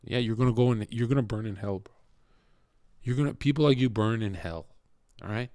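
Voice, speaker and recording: A man's voice: on the low side, fairly quick, long pauses, darkish tone, dry recording, studio quality. A man live streaming, ranting angrily and hurling mocking, profane insults at a viewer in chat. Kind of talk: angry rant at a chat viewer.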